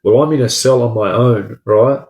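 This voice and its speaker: A man's voice: medium pitch, moderate pace, vocal fry, a little mellow. A young Australian man casually telling a story from his past, swearing often and rambling with plenty of "like" and "bro". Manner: profane, rambling, says "like" and "bro" a lot. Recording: echoey room.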